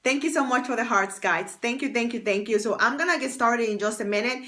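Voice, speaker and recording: A woman's voice: a little high, brisk, bright, forceful tone. A woman hosting a casual livestream as a fashion stylist and confidence coach, chatty and bubbly, thanking viewers by name. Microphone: external mic on phone stream.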